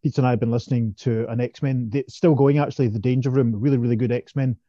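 A man chats casually as a podcast co-host, laughing often and restarting his sentences. His voice is warm and mellow. The sound is dry and dull, a little lo-fi. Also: mid-range voice, steady tone, fast talker, no echo. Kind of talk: casual chat.

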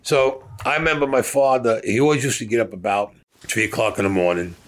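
A man's voice: mid-range voice, steady tone, a little fast. A man recounting a personal story in a blunt, profane, street-talk way. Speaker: interviewee.

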